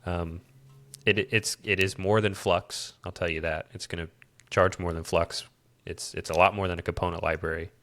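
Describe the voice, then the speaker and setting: A man with a Midwestern accent co-hosts a casual tech podcast, explaining his development project in a rambling way and restarting his sentences often. His low voice barely moves in pitch, comes at a moderate pace with a slightly bright edge, and has no room sound.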